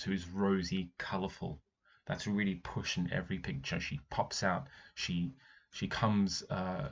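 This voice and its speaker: Reading a picture book to the class, this male primary school teacher stops between passages to explain what they mean. His low voice is husky with vocal fry, and the sound quality is lo-fi.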